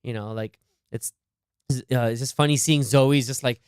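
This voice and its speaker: Excitable man chatting about a movie. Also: medium pitch, moderate pace, smooth, no echo, clean studio sound. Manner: excitable, laughs often, acts out movie lines. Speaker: podcast co-host. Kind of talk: casual movie discussion chat.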